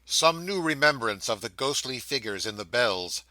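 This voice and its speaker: A man narrating a classic novel audiobook in a measured, expressive reading. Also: mid-range voice, dry recording, rough recording. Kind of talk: scripted narration.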